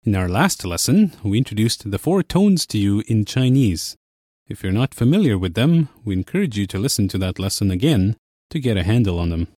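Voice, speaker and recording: A young man hosting a language course, explaining in a clear, measured teacher's manner. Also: fairly low pitch, big pitch swings, dark tone, no echo, clean studio sound. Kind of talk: scripted lesson narration.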